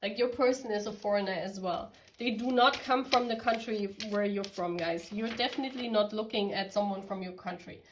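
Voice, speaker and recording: A woman's voice: mid-range voice, a little fast, hardly any pauses, noisy background. A woman from Germany giving a casual tarot reading, chatty and giggly, talking straight to her viewers. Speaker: tarot reader.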